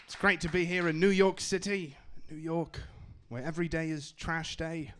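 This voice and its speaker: Young man, stand-up comedian, wry, self-deprecating, somewhat high voice. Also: flat delivery, normal speed, noisy background. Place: comedy club stage in New York.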